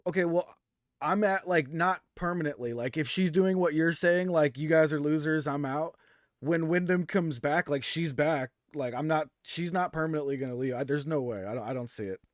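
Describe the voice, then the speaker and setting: A man's voice: on the high side, moderate pace, no echo, clean studio sound. Easygoing man podcast host. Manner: relaxed, agreeable, laughs easily. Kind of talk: casual wrestling review chat.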